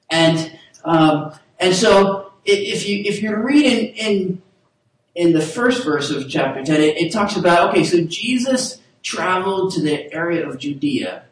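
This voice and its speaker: A man gives a casual, halting sermon, restarting his sentences and getting his listeners to repeat lines back to him. His voice sits high for a man. He sounds distant from the mic, in a hall that rings with heavy echo. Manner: casual, halting with restarts, leads the room in call-and-response. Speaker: pastor. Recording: echoey hall, voice from far off.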